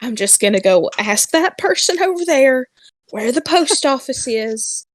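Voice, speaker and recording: A weary man at the end of his patience, voiced by a woman. He talks slowly and quietly in clipped phrases. The recording is dry and close. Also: high voice, expressive, dry recording.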